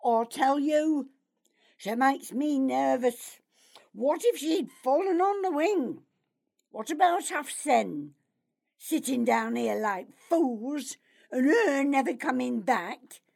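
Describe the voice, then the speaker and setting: Anxious gravelly male guard for an audiobook, a woman doing the voice, high-pitched, slow delivery. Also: expressive, darkish tone, heavily acted. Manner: anxious, grumbling. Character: nervous gossiping male outlaw guard. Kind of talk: audiobook character voice.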